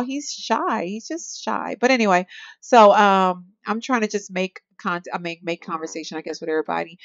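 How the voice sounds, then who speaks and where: A woman hosting a gaming video, giving chatty commentary and talking straight to her viewers. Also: on the high side. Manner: chatty, animated, addresses viewers as y'all. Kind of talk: casual let's-play commentary.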